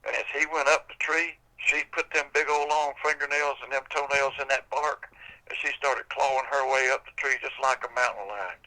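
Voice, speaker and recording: A man's voice: medium pitch, fairly even intonation, moderate pace, pushed and bright, poor audio. An older man telling a folk tale on a podcast in a folksy, casual way. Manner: folksy, casual, drawling storytelling. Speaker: storyteller.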